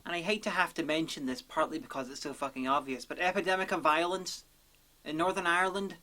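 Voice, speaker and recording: Sarcastic, deadpan woman film reviewer. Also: low-pitched, fast talker.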